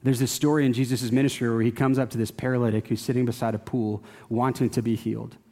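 A man's voice: mid-range voice, little pitch movement, quick pace, mellow, in a large hall. A man preaching a sermon as pastor, earnest and exhorting, and closing in prayer. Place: church.

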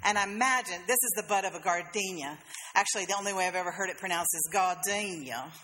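Bright-voiced woman preaching. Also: medium pitch, very fast, long reverb tail, a little hiss or hum. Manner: conversational storytelling, playful asides. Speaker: pastor. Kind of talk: sermon. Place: church sanctuary.

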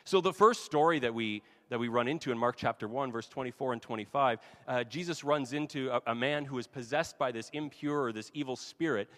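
A man's voice: medium pitch, fairly quick, few pauses, fairly bright tone. Conversational man preaching in a reverberant hall. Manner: conversational, casual asides. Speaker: pastor. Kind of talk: sermon.

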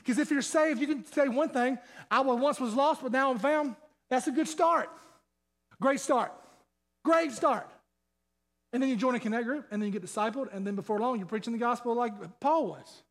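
A man preaching from the pulpit in a strikingly high voice. He is fired up and sweating, hammering the room with rhetorical questions and repeating phrases as he drives his point home. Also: moderate pace. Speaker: pastor. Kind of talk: sermon.

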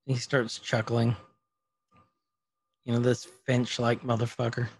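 A man's voice: mid-range voice, completely flat delivery, unhurried, breathy edge. A man casually recapping a TV episode on a podcast, retelling scenes and quoting the characters as he goes. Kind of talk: casual chat.

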